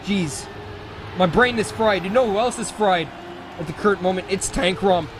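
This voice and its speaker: A man casting a racing esports match with play-by-play commentary, excitable and jokey, often correcting himself mid-call. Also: high voice, moderate pace, noisy background. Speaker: esports caster.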